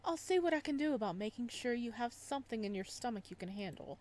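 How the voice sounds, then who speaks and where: A woman reading aloud the lines of a soft-spoken, possessive male psychiatrist in a visual novel, in a calm, quietly unsettling tone. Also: a little high, fast, close to an everyday voice.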